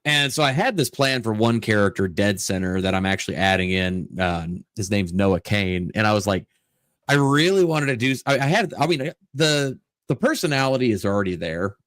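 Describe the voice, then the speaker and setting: Low-voiced man rambling in casual chat. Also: animated, moderate pace, fairly bright tone, no room sound, clean studio sound. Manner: rambling, swears, restarts a lot. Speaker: regular stream co-host.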